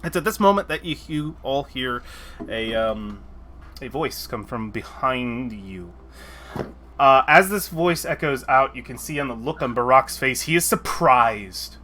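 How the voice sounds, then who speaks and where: A man running a tabletop role-playing game, narrating scenes and voicing characters in a halting way with many restarts. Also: mid-range voice, animated, bright, forceful tone, slight background noise. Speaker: game master.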